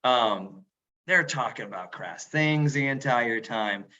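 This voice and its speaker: A man's voice: medium pitch, expressive, slow pace, bright, forceful tone. A man on a video call, chatting loosely as a museum role-player and answering questions, with many fillers and restarts. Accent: northern English put on. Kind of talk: casual Q&A talk on a video call. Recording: dull lo-fi video call audio.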